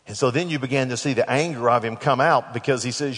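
A man's voice: mid-range voice, quick pace. Preacher man in an echoey hall. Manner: dramatic, acts out scripture dialogue with big swings in loudness. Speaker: pastor. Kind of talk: sermon.

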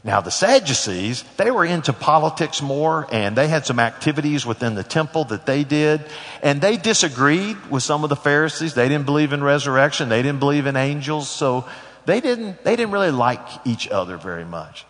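A man's voice: fairly high pitch, big pitch swings, normal speed, a bit bright. A middle-aged man preaching a sermon as pastor, folksy and conversational with joking asides. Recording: long hall reverb.

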